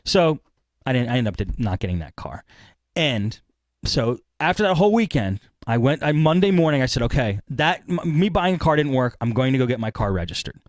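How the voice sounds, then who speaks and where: Man, podcast host, rambling storyteller, quick talker, dry close sound. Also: mid-range voice, no echo. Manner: rambling, animated retelling with acted-out quotes. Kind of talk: casual storytelling.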